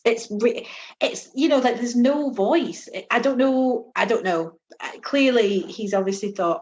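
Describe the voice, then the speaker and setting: A woman co-hosting a movie review podcast, chatting casually, sarcastic and quick to laugh. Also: a little high, expressive, lo-fi sound. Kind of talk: casual chat.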